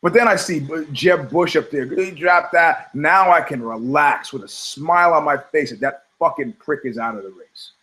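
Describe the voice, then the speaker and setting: Sardonic middle-aged man, fairly high voice. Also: moderate pace, hardly any pauses, pushed and bright, poor audio. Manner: profane, sardonic, storytelling with quoted voices. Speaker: podcast host. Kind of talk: rambling comedic monologue.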